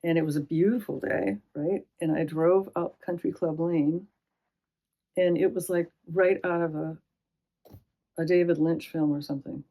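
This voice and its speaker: Middle-aged woman interviewee, low-ish voice, animated anecdotes with quoted voices, library oral history. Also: moderate pace. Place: public library.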